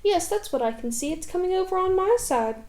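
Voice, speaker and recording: Woman doing a gentle muddled toy bear. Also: very high-pitched, expressive, a little fast, voice pushed up. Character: simple, kindly male toy bear.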